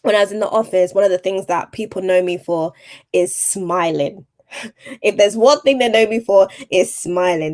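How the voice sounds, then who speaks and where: A woman's voice: medium pitch, normal speed, a little mellow. A woman, a TV presenter and voice-over artist, speaking as a podcast guest and giving earnest, encouraging advice that repeats its key points. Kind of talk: motivational advice in conversation.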